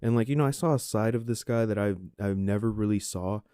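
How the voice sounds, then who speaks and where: A man's voice: lowish voice, brisk, dark tone, clear, resonant tone, no echo, studio quality. A man in his twenties hosting a podcast, telling a story casually and rambling with lots of "like" and "you know" fillers. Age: 20s. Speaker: podcast host.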